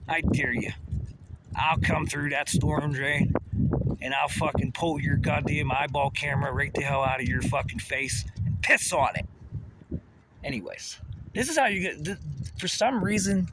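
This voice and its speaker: Profane rambling man outdoors by traffic. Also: on the high side. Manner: profane, rambling, pseudo-technical. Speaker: vlogger. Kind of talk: rambling monologue to camera. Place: outdoors near a busy road.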